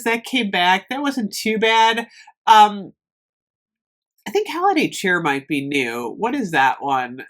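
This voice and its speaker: A woman's voice: medium pitch, a bit bright. A woman chatting casually in a product review vlog, rambling with frequent ums as she talks to the camera. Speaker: candle review vlogger.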